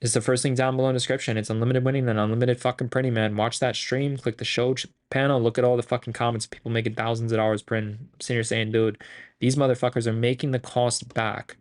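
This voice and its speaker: A man hosting a stock trading group, talking in a profane, boastful, rambling and excitable way. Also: medium pitch, fast talker. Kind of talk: hyped casual trading recap.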